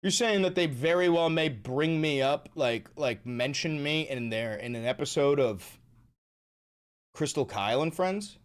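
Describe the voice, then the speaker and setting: A man's voice: a little high, expressive, measured pace. A man livestreaming, chatting casually with his chat and swearing often, with emphatic repeats. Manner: profane, emphatic, repeats himself.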